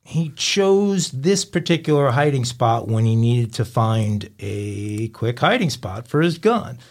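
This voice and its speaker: A man's voice: medium pitch, sing-song, slow pace, darkish tone. A middle-aged man hosting a crime podcast, telling stories and reading headlines in a wry, chatty way. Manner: wry, storytelling. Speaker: podcast host. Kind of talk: casual podcast chat and news reading.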